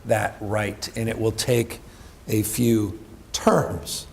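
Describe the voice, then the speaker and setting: A middle-aged man on stage, a political candidate talking in a quick, joking, emphatic way. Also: fairly low pitch, fairly even intonation, creaky, a little hiss or hum. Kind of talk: casual onstage conversation.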